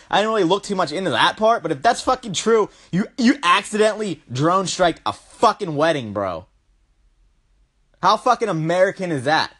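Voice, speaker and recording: A young man ranting in a profane comedic vlog, loud and riled up, swearing and tacking on "bro" at the end of his lines. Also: high voice. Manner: riled up, climbing into yelling at peaks.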